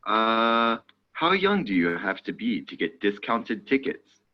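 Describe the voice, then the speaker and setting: A man's voice: lowish voice, sing-song, unhurried. A man playing a friendly traveler buying bus tickets for a group in a scripted lesson dialogue. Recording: dull lo-fi audio.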